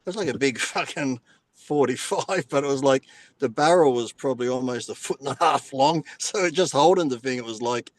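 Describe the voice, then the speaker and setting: A man's voice: medium pitch, brisk. A man telling profane, laughing stories as a guest in a casual podcast chat over a video call. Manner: profane storyteller, laughs between phrases.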